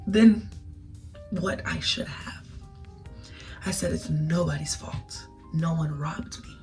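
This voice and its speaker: A young woman telling a casual storytime vlog, animated and emotional, laughing through tears. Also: medium pitch. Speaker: vlogger. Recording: distant mic with music behind.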